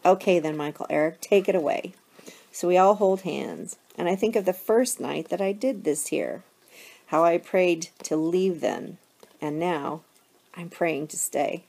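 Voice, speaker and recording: Gravelly-voiced woman teacher reading aloud. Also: on the low side, a little slow. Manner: expressive first-person storytelling. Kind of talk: reading a novel aloud to a class.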